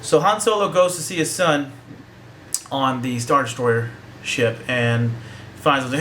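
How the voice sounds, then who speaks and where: A man's voice: mid-range voice, unhurried, pushed and bright, slight background noise. A young man giving a casual, joking, profane movie review that rambles along.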